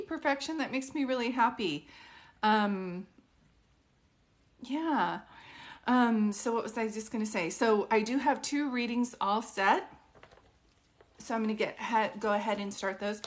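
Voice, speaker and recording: Chatty woman with a bright higher voice. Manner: chatty, reads viewer comments aloud and greets them by name. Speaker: psychic medium. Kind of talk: casual livestream chat. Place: at home with her dog. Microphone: phone livestream.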